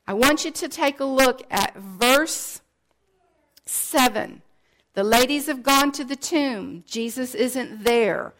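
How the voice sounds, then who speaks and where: A woman's voice: high-pitched, slow pace, a bit bright. A woman preacher delivering a sermon, retelling a story and acting out its scenes.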